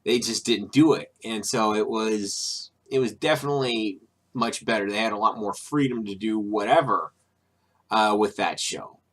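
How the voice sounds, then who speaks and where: A man hosts his own video, rambling casually through an opinion piece full of restarts, fillers, and irritated, sarcastic asides. He speaks at a moderate pace in a lowish voice.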